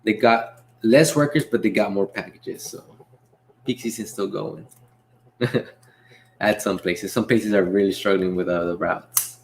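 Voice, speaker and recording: A young man hosting a casual livestream Q&A, reading chat messages aloud and answering in a relaxed way with frequent laughs. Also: on the low side, a little slow, creaky, a little hiss or hum. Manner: laid-back, reads chat aloud, laughs often. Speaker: livestream host and delivery driver.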